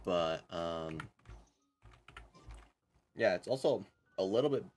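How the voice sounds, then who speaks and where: Low-voiced rambling young man. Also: lively intonation, a little mellow, soft background music. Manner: rambling, unhurried, self-correcting. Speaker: streamer. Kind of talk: casual chat while gaming.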